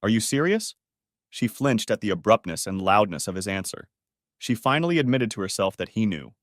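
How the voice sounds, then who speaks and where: A man narrating a dramatic family story in an expressive reading. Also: on the low side, a little fast, dry recording, studio quality.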